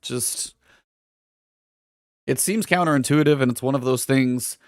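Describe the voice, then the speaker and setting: A man's voice: mid-range voice, a little slow, dry recording, studio quality. A man co-hosting a casual gaming podcast, ranting with exasperation and reading chat messages aloud. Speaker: podcast co-host.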